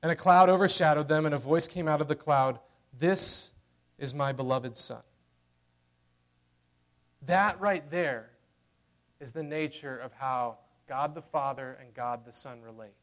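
Man, pastor, sermon, slightly high voice, conversational, hushed at key points. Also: normal speed. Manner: conversational preaching, dropping to a hushed tender voice for key lines.

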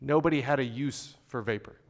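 Man preaching a measured sermon. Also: medium pitch, vocal fry. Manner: measured, conversational preaching with frequent fillers and restarts; slows and stresses key phrases when reading scripture. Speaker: pastor.

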